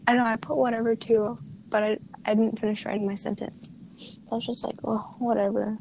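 A young woman in her late teens, a student, chatting casually and quickly, with lots of fillers and acted-out quotes of what others said. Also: fairly high pitch, flat delivery, gravelly, a little mellow, slight background noise, rough recording. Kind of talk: casual chat.

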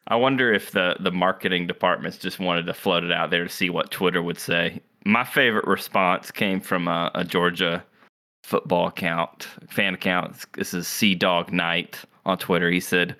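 A man's voice: deep voice, fairly even intonation, moderate pace, pushed and bright. A man co-hosting a sports podcast, joking through casual college football chat. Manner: joking, chuckles often. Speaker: podcast co-host.

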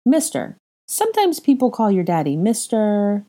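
A woman reading a young adult male wizard with a coaxing, gently insistent manner. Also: mid-range voice, very animated, moderate pace, voice pushed up, natural voice.

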